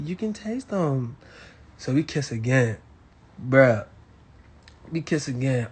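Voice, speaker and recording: A young man from Miami telling a crude story to his live audience, animated and swinging between loud bursts and hushed asides. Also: medium pitch, takes it slowly, long pauses, husky. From Miami, Florida. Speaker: livestream host.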